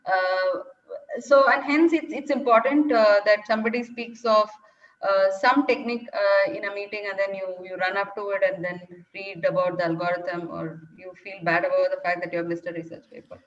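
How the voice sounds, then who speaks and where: A woman's voice: medium pitch, steady tone, moderate pace, recorded from a distance. A woman answers questions in an online talk, thinking aloud with frequent fillers and restarts. Her voice sits back from the mic. The call audio is dull and lo-fi. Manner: thoughtful, many fillers and restarts. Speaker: data science speaker answering questions. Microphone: video call.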